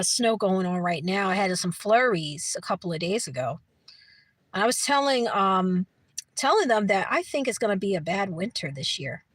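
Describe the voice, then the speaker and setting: In a dry recording, a middle-aged woman with a mid-range voice reads her livestream chat aloud. She's from Brooklyn, New York City, has a New York accent and keeps things casual, rambling, restarting and laughing a lot.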